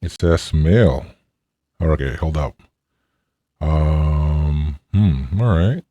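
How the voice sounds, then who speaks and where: A man talking through a male voice-changer preset that deepens his voice, testing it aloud and sounding impressed. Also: drawn-out words, warm tone, no echo, muffled recording, full character voice.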